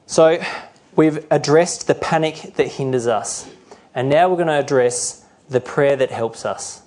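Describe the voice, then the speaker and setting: A man's voice: fairly high pitch, unhurried, a little mellow. A middle-aged male pastor preaching a sermon earnestly, sometimes acting out the voices he quotes.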